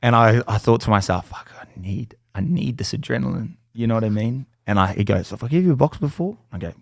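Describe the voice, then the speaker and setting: A young Australian podcast guest tells stories in casual chat, animated and swearing freely while acting out other people's lines. His voice is fairly low with vocal fry and a brisk pace, recorded in clean studio sound with no echo.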